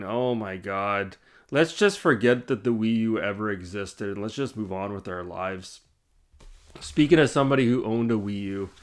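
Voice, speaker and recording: A man's voice: medium pitch, smooth. A man hosting his own gaming channel, talking on camera in a casual, rambling, blunt way, swearing and laughing at himself. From Canada. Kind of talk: casual vlog chat. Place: indoors, side-lit room.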